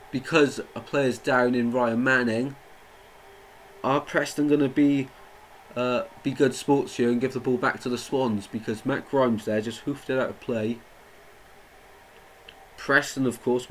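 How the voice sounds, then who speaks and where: This young watchalong streamer offers live football commentary, chatting with his audience and bristling at the play. His voice sits in the mid range. The audio is poor, with slight background noise.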